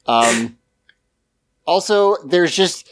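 Dude slowly rambling through an episode recap, keeps laughing, swears casually. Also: male voice, fairly high pitch, animated. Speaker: podcast co-host.

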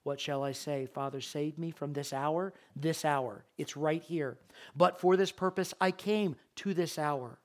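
A man's voice: a little high, unhurried. A man preaching a sermon, reading scripture verses aloud and explaining them, and repeating key phrases for emphasis.

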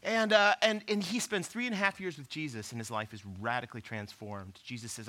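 A man preaching a sermon, conversational and animated, firing off rhetorical questions at the congregation. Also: a little high, a little fast. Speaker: pastor.

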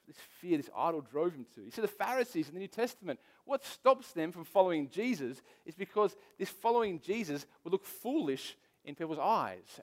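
A pastor delivers his sermon in a high-pitched voice for a man. He talks to the room like a storyteller, mixing scripture with personal anecdotes, and hammers key phrases by repeating them. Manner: emphatic repetition.

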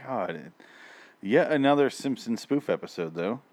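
A man co-hosting a casual podcast, chatting about a TV episode in a profane, sarcastic and animated way. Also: mid-range voice, moderate pace. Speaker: podcast co-host. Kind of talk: casual chat reviewing a TV episode.

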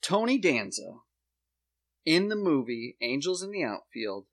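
A man hosting a comedy podcast spins a mock conspiracy theory, deadpan but with dramatic emphasis. His voice is fairly high-pitched and he takes his time.

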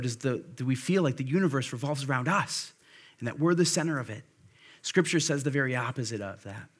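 A pastor preaching a sermon in a conversational way, with fillers and restarts, slowing and dropping quiet to stress key phrases. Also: male voice, medium pitch, husky. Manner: drops to a slow, quiet emphasis on key phrases.

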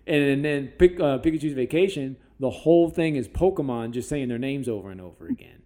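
Profane male podcast host who tells stories loosely and drops into quick silly voices. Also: medium pitch. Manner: profane, animated storytelling with comic impressions. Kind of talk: casual chat.

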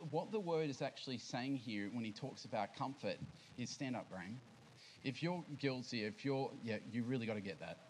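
A man preaching in a relaxed, conversational way, with a voice of middling pitch. He keeps asking his congregation questions as he teaches. A faint hiss of noise sits under the church recording. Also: rough recording. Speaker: pastor. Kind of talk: sermon. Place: church service.

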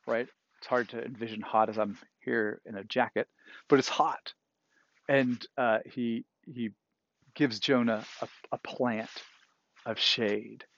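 A man's voice: mid-range voice, no room sound, highs cut off. Man preaching a conversational sermon. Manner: conversational preaching, frequent "right?" asides. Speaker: pastor. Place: indoors, cool enough for a jacket.

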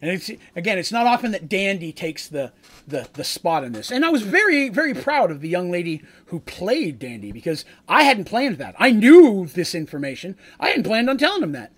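Male game master, casual rambling recap, self-corrects a lot, slightly high-pitched. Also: big pitch swings, moderate pace, fairly bright tone.

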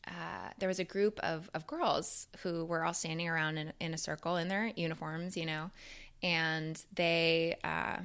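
A young woman with a slightly low voice tells her own life story in a candid, casual way. She speaks with open emotion and plenty of fillers, and now and then she swears. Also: fairly even intonation, unhurried, vocal fry, fairly bright tone, clean tone.

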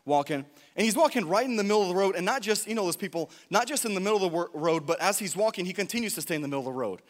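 A man preaching a sermon, telling a story with jokes and lots of self-interruptions before moving to exhortation. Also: a little high. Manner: animated, jokey, self-interrupting. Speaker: pastor. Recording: long hall reverb.

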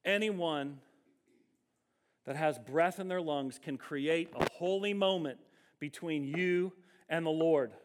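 High-voiced man preaching a sermon. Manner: emphatic preaching, slowing on key words. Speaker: pastor.

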